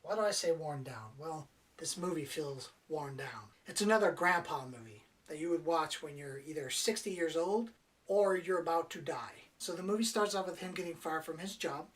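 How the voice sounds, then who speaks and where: A man's voice: on the high side, normal speed, fairly bright tone, distant mic. A man giving a casual, blunt and sarcastic movie review, cursing freely. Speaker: film reviewer.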